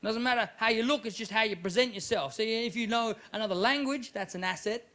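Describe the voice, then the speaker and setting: A man doing an animated live stand-up routine, sometimes shouting in character. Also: high-pitched, brisk. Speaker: stand-up comedian.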